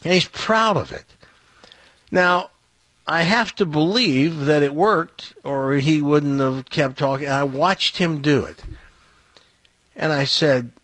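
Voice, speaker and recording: A man telling a long personal anecdote on a talk show, in an animated storytelling way. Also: a little high, slow pace, long pauses, no echo.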